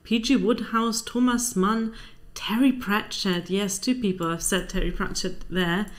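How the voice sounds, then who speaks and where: A woman's voice: mid-range voice, steady tone, a little slow. A young woman hosting a book channel, chatting casually and reading out viewer answers with wry, dry asides.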